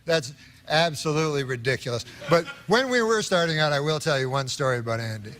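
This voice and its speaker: A man tells a story on a talk show and quotes the people in it. His voice is high for a man, and the broadcast audio carries clear background noise. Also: animated, normal speed. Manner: quoting others in his story.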